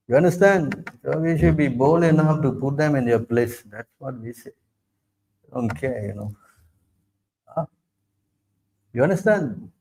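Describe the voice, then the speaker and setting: A man, a spiritual teacher giving an informal religious talk. He speaks emphatically, keeps asking whether listeners understand, and acts out other people in a lowered voice. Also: measured pace, long pauses, darkish tone, slight background noise, rough recording. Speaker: spiritual teacher answering questions.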